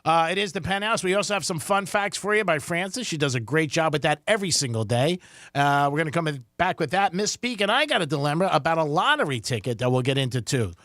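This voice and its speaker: A man's voice: on the high side, lively intonation, fast, fairly bright tone, no room sound, clean studio sound. A man co-hosting a casual radio talk show, easygoing and hesitant with fillers. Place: radio studio. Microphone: studio microphone.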